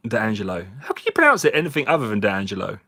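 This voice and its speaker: A man's voice: medium pitch, wildly swooping pitch, rapid-fire, bright, forceful tone. A man, slightly drunk, hosting a casual live chat with viewers, jokey and chatty and laughing often. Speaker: livestream host. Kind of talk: casual live chat while cleaning finds.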